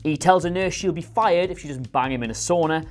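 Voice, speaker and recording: A man's voice: on the high side, brisk, soft background music. A man dryly rattling off a prepared list of complaints in a casual panel chat. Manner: dry, rattles off a prepared list with filler uhs. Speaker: regular panelist.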